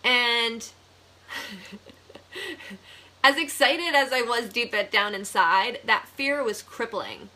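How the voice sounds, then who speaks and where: A young woman from the Buffalo area tells a personal story in a casual vlog. Her voice sits a little high and sounds bright. She is chatty and animated and breaks into laughter often. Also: very slow, pauses often. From Buffalo, New York area. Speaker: vlogger, real estate agent.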